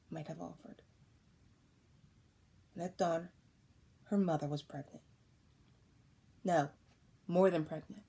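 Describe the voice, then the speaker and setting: A woman reading a storybook aloud in a calm, even way, taking on voices for the characters. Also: lowish voice, slightly rough. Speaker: audiobook reader.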